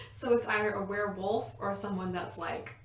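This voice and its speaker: A woman co-host talks loosely and chattily, peppering her sentences with "like" and breaking into laughter. She has a middle-pitched voice, and the room gives it a roomy echo. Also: fairly even intonation, moderate pace, a little hiss or hum. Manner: chatty, laughs often, fills with "like". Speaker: podcast co-host, quizmaster. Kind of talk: casual chat.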